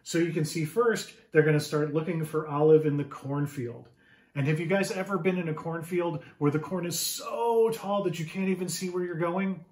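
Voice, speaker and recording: Animated man reading a picture book. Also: a little high, normal speed, echoey room. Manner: animated, asks the young listeners questions. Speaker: children's author reading his book. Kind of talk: picture book read-aloud for children.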